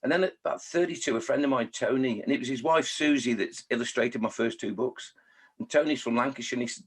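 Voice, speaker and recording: Husky-voiced chatty storyteller in his sixties. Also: medium pitch, quick pace. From Scotland, raised in Staffordshire. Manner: chatty, self-mocking, mimics voices. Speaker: children's poet and author. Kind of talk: casual interview storytelling.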